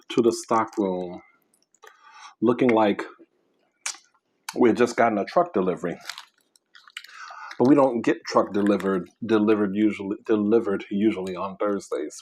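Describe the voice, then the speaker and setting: Man, mukbang vlogger, low voice, rambling chat between bites, faint noise behind. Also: a little mellow. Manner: rambling, chewing and pausing mid-sentence. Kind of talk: casual chat while eating.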